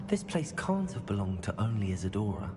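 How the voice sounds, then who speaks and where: A man's voice: on the low side, sing-song, a little fast. An actor playing a young male wizard student who sharply calls out spell names. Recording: game audio under loud background noise.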